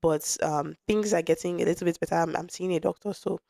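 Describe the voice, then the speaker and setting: Low-voiced woman podcast host. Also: fairly even intonation, brisk, creaky, mellow, no room sound, clean studio sound. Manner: frank, conversational, with frequent restarts and asides. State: lingering cough affecting her voice. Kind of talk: candid personal storytelling.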